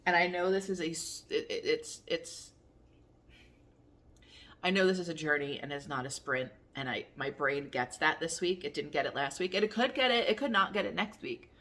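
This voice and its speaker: A woman's voice: fairly low pitch, moderate pace, pauses often, fairly bright tone. A woman in her thirties chatting casually to her camera in a rambling, candid way, with the odd curse. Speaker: vlogger.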